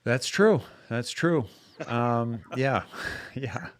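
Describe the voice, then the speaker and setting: A man's voice: medium pitch, expressive, very slow. A man hosting a live-streamed show in casual chat, rambling with many restarts and fillers.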